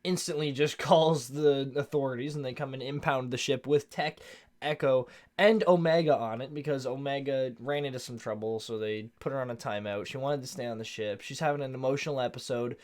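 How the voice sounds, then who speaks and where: A man's voice: mid-range voice, fairly quick. A tired man yawning late at night and recapping a show in a rambling, slangy casual chat that drifts off topic. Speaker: show reviewer.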